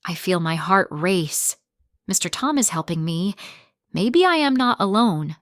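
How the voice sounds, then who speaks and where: Woman narrator, graded reader, very slow, lowish voice, dry close sound. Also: very animated, dry recording. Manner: simple short sentences, clear and deliberate.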